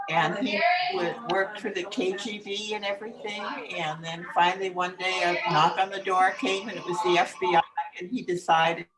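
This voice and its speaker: A woman chatting on a video call, telling a story in an easygoing way. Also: medium pitch. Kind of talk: casual video-call chat. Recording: echoey, distant video-call audio with loud noise.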